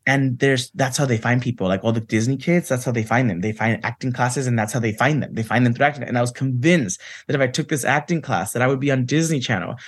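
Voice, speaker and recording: A man's voice: mid-range voice, quick pace, hardly any pauses, slightly rough. A man from Santa Ana, California, a guest actor telling stories in a chatty interview, full of "like" and "you know.". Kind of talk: casual storytelling interview.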